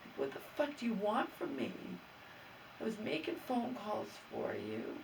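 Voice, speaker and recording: A woman's voice: medium pitch, wildly swooping pitch, a little slow, vocal fry, far from the mic, noisy background. A woman vlogger venting her grievances in an aggrieved, exasperated way, stammering and restarting as she talks. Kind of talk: venting personal vlog.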